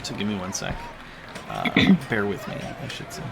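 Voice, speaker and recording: A man's voice: on the low side, huge pitch swings, moderate pace, gravelly, a crowd in the background. A man narrating a tabletop game as game master in a casual, rambling way with fillers, with faint background noise.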